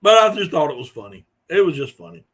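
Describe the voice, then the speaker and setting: Chuckling man with a higher voice. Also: animated, fast, fairly bright tone. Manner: rambling storyteller, chuckling often. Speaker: live-stream host. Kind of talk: casual chat with viewers.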